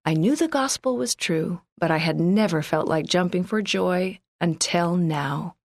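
A woman reading a first-person church magazine article aloud in a measured, earnest way. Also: on the low side, dry recording, clean studio sound. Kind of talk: scripted first-person narration.

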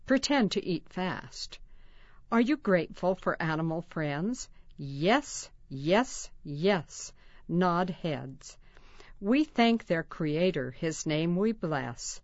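A woman reading children's stories, rhymes and recipes aloud in a slow, expressive way. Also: on the low side, no echo, lo-fi sound. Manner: slow, expressive reading with lively sound words. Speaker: reader of a children's magazine. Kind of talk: read-aloud narration for children.

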